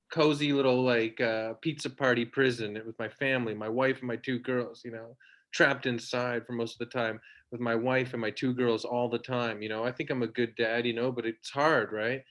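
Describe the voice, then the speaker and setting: A man in his thirties tells stand-up stories over a video call from home. His voice sits at a middling pitch. He rambles and trips over himself in a self-deprecating way. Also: fairly bright tone. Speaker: stand-up comedian. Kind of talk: stand-up set on a livestream.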